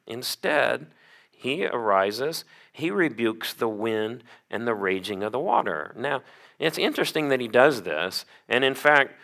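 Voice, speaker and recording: A man's voice: mid-range voice, pushed and bright. A male pastor preaching a sermon to his congregation, asking them questions and joking with them. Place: church sanctuary.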